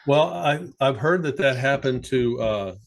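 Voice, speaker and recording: A man who works as a sports psychologist, speaking as a podcast guest and telling animated stories with plenty of fillers. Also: medium pitch, measured pace. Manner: animated, anecdotal, many fillers. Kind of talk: conversational storytelling.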